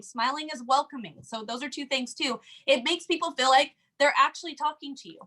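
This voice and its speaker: A woman's voice: high voice, brisk, sharp tone, rough recording. A woman co-hosting a casual sales chat, upbeat and encouraging. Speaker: sales team co-host.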